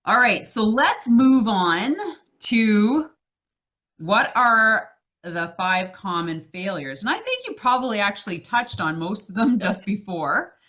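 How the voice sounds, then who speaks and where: A woman hosting a podcast, asking questions in a chatty, halting way with fillers. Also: medium pitch, animated, fairly bright tone. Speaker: podcast host. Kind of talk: casual podcast interview.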